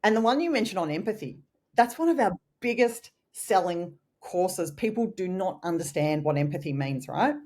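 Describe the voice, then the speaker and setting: An Australian woman, a guest trainer in a podcast interview, telling lively stories and acting out customer and collector lines. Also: fairly low pitch, normal speed.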